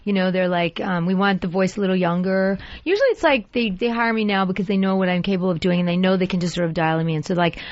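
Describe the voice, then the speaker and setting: A woman voice actress as an animated, chatty guest in a radio interview, in a slightly dull, dry studio recording. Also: lowish voice, fast, few pauses, dry recording. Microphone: studio microphone.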